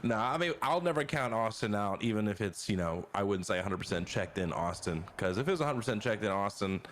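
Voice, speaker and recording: A man giving quick, relaxed color commentary on a simulated football game during a live stream. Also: on the low side, a little hiss or hum. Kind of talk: esports sim football commentary.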